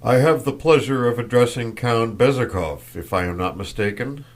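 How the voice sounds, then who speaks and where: A stern old Freemason traveler in a storybook reading, his deep voice deliberate, loud and grave, as a male narrator puts him on. Every phrase is weighed and carries a cold, fatherly authority. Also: animated.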